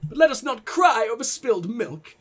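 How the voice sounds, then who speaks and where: A man voicing a pompous, posh gentleman who reads out a florid, theatrical letter. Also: extremely high pitch, sing-song, moderate pace, full character voice. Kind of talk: letter read aloud in a put-on voice.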